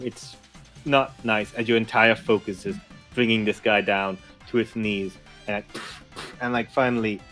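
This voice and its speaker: A man's voice: fairly low pitch, fairly bright tone. A man running a tabletop role-playing game as game master, narrating a fight in a vivid, rambling way with many fillers.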